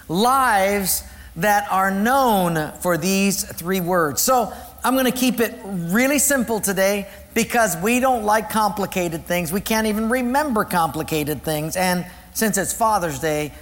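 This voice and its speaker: A man's voice: sits high, fairly bright tone, in a large hall. A man preaching a sermon as a pastor, telling a joke story with playful voices and laughter.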